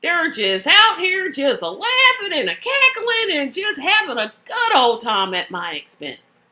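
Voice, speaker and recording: A woman chatting casually on a video call, animated and playfully indignant. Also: very high-pitched, measured pace. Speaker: co-host.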